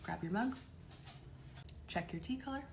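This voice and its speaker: A woman's voice: mid-range voice, expressive, a little slow, vocal fry, a little mellow, faint music behind. A young woman from the United Kingdom telling a gossipy story in a chatty, casual way.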